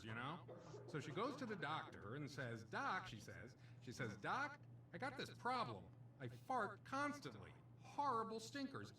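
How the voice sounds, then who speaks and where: A man's voice: mid-range voice, sharp tone, echoey room, distant mic, slight background noise. An actor playing a cheesy male casino stand-up comedian, delivering punchy jokes and doing comic voices.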